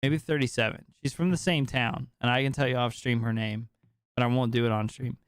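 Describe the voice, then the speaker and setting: A man in his late twenties telling a personal story in casual podcast chat, animated and full of swearing and filler words. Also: medium pitch, brisk, smooth, dry recording, clean studio sound. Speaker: podcast speaker.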